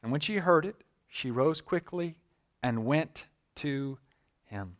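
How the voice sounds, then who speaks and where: A pastor preaching and reading scripture, who swings from hushed to loud and emphatic and slows right down on key words. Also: male voice, a little high, lively intonation.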